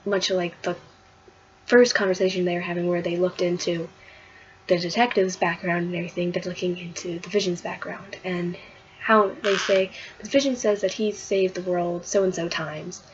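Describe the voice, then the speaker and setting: A woman's voice: on the low side, flat delivery, moderate pace, highs cut off, slight background noise. A woman recapping a comic book issue in a casual vlog, rambling and gushing with lots of fillers and restarts.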